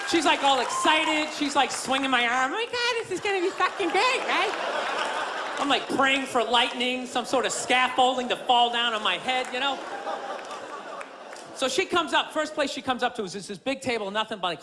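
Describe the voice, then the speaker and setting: A male stand-up comedian, profane and rambling, tossing rhetorical asides to the audience. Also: extremely high pitch. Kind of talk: stand-up routine. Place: comedy club stage with live audience. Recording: live club audio with crowd noise.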